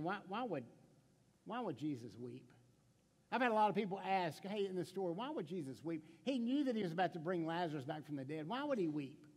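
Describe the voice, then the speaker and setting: A man preaching a sermon as pastor, passionate and conversational, often dropping to a hushed tone and asking the congregation direct questions. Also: a little high, long reverb tail.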